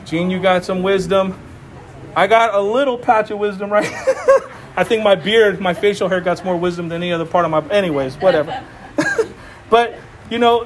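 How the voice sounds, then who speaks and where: Male pastor, sermon; high-pitched, excitable, stammers and laughs, faint room noise.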